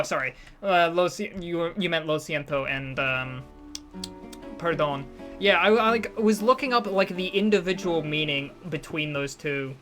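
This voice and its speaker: Casual live-streamer, mid-range voice, rambling and self-deprecating, soft game music underneath. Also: medium pitch. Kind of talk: casual live-stream chat while gaming.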